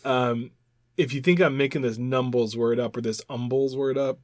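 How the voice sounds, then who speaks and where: A man co-hosting a podcast in casual chat, animated and rambling, often repeating words as he explains. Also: mid-range voice, normal speed, dry recording, clean studio sound. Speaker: podcast co-host.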